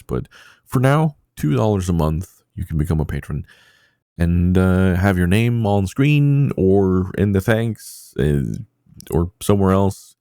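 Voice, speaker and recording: Very low gravelly male podcast host. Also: mellow, no room sound, studio quality. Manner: rambling, self-deprecating, many fillers. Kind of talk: casual podcast chat.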